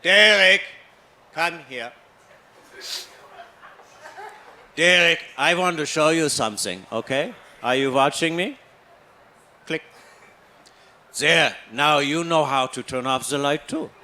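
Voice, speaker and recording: A man putting on a stern, angry father lecturing his son in a slow, emphatic, raised voice. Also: on the high side, bright, forceful tone, a little hiss or hum, voice pushed up. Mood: patronizing.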